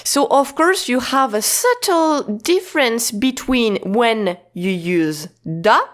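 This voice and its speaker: A woman teaching a lesson in a casual, patient way, repeating points slowly with restarts and fillers. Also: a little high, lively intonation. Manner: slow, repetitive, patient explaining with many restarts and fillers. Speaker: Japanese teacher.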